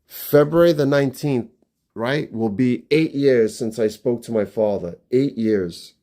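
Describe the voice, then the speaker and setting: A middle-aged man in his fifties talks casually to his viewers on a phone live stream, walking through his family home. His voice sits at an ordinary middle pitch and often drops soft and low as he trails off, chatty and unhurried. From New York. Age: 50s.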